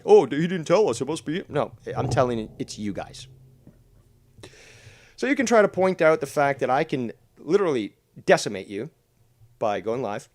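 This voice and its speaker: A man hosting a drama commentary show, talking over clips in a mocking, profane, combative way. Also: mid-range voice.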